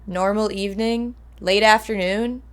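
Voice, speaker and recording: A young woman streamer talks to her chat in a slow, easygoing way. Her pitch sits in the middle range, and her chatter is rambling and playful with casual swearing. She sounds like she is in her twenties. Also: fairly even intonation.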